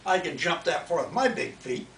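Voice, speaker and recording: An older man voicing a big hungry male bear in a bedtime story, spoken slowly and matter-of-factly. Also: a little high, big pitch swings, gravelly, a bit bright, exaggerated voice. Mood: menacing. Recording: echoey room, distant mic, faint noise.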